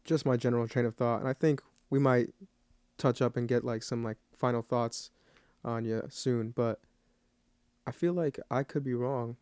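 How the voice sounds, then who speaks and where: Flat-toned earnest male podcast host. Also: mid-range voice, moderate pace, smooth, no room sound. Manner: reflective, earnest, speaks of faith. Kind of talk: interview conversation.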